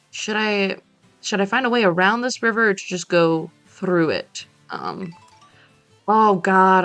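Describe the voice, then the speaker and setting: A woman's voice: on the low side, a bit bright, no room sound. A woman streamer chatting casually and jokily while playing a game, rambling between asides to her viewers. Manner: rambling, jokey, talks to chat. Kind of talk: casual gameplay chat. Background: faint game music.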